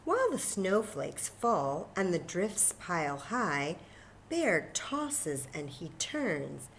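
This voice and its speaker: Librarian lady reading to kids, slow and lively, lowish voice. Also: a little hiss or hum. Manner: animated, enthusiastic, talks to children. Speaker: children's librarian. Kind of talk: children's story time reading.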